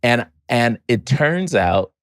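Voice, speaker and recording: A middle-aged man from Chicago, a podcast guest, telling a family story in an animated way and often repeating words while he finds his next thought. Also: medium pitch, takes it slowly, dry recording, clean studio sound. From Chicago, United States. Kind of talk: storytelling in a conversational interview.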